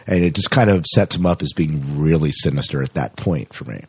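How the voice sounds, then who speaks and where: Deep, husky male podcast host. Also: lively intonation, a bit bright, no room sound. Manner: enthusiastic, quick laughs and exclamations. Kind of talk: interviewing guests.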